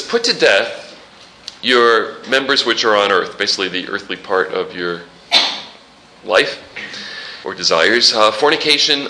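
A man preaches a sermon with a bright, forceful voice that rings through an echoey room. He jokes and fires rhetorical questions at his listeners, with a faint hum underneath. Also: lowish voice. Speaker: pastor.

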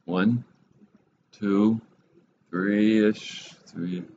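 A man teaching a Bible study class in a classroom, relaxed and rambling, with many fillers and restarts. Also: fairly low pitch, extremely slow. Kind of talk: classroom lecture. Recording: dull lo-fi recording with faint noise.

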